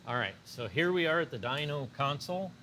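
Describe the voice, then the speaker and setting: A man who manages engine production, calmly explaining a dyno test stand on a shop tour with short, plain answers. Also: on the high side, brisk, background noise. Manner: calm, matter-of-fact, brief answers.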